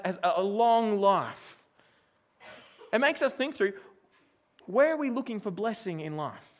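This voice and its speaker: High-voiced male pastor telling stories. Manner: conversational, storytelling, asks the congregation questions. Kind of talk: sermon.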